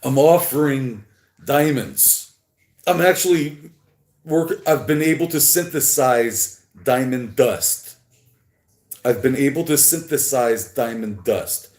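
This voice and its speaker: A man drifts through a solo livestream, slow and meandering, stopping now and then to talk to his chat. His voice sits at an ordinary pitch. The room around him is echoey. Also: darkish tone.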